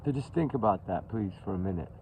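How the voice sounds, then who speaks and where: A man's voice: lowish voice, lively intonation, quick pace, a little mellow. A man with a Texan accent talks casually by a backyard fire, rambling with restarts as he hosts a livestream about missing-person cases. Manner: drawling, rambling, with many restarts. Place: outdoor backyard by a fire pit. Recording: tinny phone-like audio with background noise.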